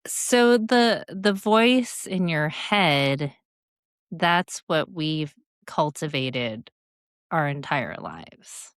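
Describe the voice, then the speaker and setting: A woman's voice: low-pitched, lively intonation, drawn-out words, dry recording, studio quality. A woman in her forties, a guest speaker and coach, telling stories in a reflective, coaching tone during a podcast interview.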